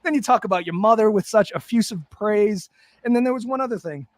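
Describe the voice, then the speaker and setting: A man's voice: high-pitched, fast, dry recording. A man hosting a podcast, talking in a blunt, profane, casual way. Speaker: podcast host. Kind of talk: casual chat.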